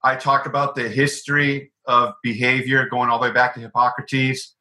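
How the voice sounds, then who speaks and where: A man, an author and guest, explaining ideas through animated stories and acted-out quotes. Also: mid-range voice, moderate pace, low-quality recording. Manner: animated, acts out quoted voices. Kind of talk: conversational storytelling.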